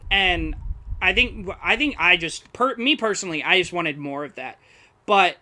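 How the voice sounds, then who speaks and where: A young man in a casual film discussion, talking in a halting way as he searches for words, with loose, amused slang. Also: high-pitched, animated, bright, forceful tone. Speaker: film podcast co-host.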